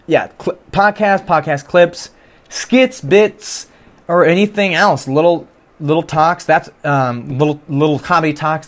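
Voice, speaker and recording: Speaking on the high side, a young podcast host delivers a casual solo monologue from his bedroom at home. His thinking aloud is earnest and rambling, self-reflective, full of frequent restarts.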